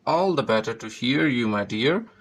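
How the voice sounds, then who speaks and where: A man's voice: medium pitch, lively intonation, moderate pace, fairly bright tone. A man voicing a scheming, sly old male wolf in a storybook reading, gloating as he plots. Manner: chuckling, gloating.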